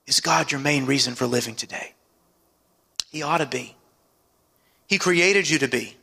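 A man preaching a sermon as pastor, calling out to the congregation for amens and dropping his voice low for emphasis. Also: normal speed, gravelly, pushed and bright, breathy edge, long reverb tail. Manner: preaching with call-and-response asides and dramatic drops in pitch.

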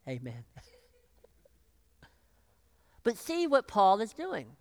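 A pastor preaching a sermon, acting out the voices of the people in the story, choked up and clearing their throat. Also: mid-range voice, very slow, no echo. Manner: animated, acts out voices of biblical figures.

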